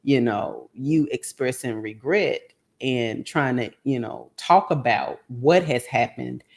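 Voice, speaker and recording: A woman, co-hosting a podcast and chatting casually with her husband in quick, emphatic bursts. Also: extremely low pitch, gravelly. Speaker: podcast co-host.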